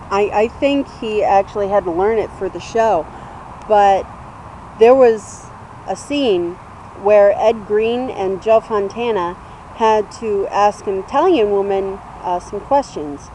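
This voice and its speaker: A young woman in her twenties talks slowly and loosely to her camera, her voice soft and mellow. She wanders through a story with plenty of fillers, earnest and unpolished, over a faint hum of background noise. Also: mid-range voice, poor audio. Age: 20s. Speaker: vlogger. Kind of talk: casual tribute vlog.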